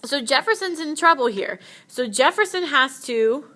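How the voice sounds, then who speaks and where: A woman's voice: high voice, expressive, moderate pace, bright, forceful tone. A woman teacher giving a casual, chatty history lecture with playful asides.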